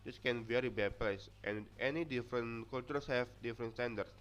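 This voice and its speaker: A young Indonesian man, a native speaker of the language with a matching accent, reads his class presentation from notes, restarting and stumbling often. His mid-range voice is clear and resonant and runs a little fast. The audio is dull and lo-fi.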